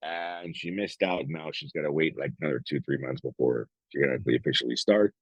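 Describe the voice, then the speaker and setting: A man's voice: a bass voice, fairly quick, breathy edge, no room sound, lo-fi sound. A middle-aged man co-hosting a podcast, talking bluntly in casual chat, swearing often and acting out the lines of others. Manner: blunt, heavy swearing, acts out quoted dialogue. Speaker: podcast co-host.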